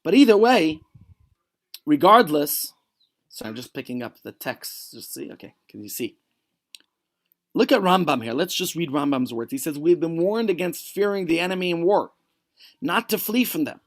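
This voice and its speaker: A man's voice: a little high, expressive, moderate pace. A man teaching a Torah study lesson at home, telling stories vividly with many restarts and asides.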